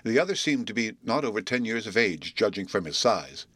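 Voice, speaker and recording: A man calmly reading a chapter of an adventure book aloud as an audiobook narrator. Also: lowish voice, a little fast, husky, no echo. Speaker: audiobook reader. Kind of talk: storybook narration.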